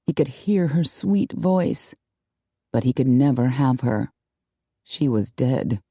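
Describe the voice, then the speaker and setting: A woman reads a romance novel aloud in steady, measured narration. Her voice is low and mellow. The recording is close and dry, with quiet music playing underneath. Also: slightly rough, no room sound. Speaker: audiobook narrator. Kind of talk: scripted narration.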